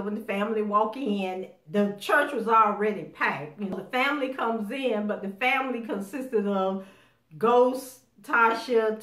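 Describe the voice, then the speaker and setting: A woman giving a casual spoken recap of a TV episode, animated as she acts out the characters' lines. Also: a little high. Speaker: TV show recapper. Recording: roomy echo.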